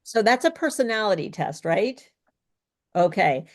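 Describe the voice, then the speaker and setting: A woman's voice: mid-range voice, big pitch swings, a little slow. A woman speech coach teaching an online workshop in an explanatory, coaching way over a video call.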